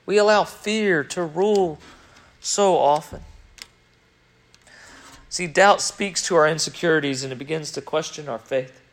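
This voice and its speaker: A man with a notably high voice preaches a sermon. He swings between loud, emphatic bursts and quiet, reflective stretches. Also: unhurried, pauses often.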